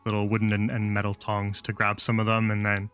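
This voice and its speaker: A man narrating a tabletop game as game master, rambling and filling pauses with "uh" and "um". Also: lowish voice, completely flat delivery, fairly bright tone, smooth, soft background music. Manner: rambling, full of fillers.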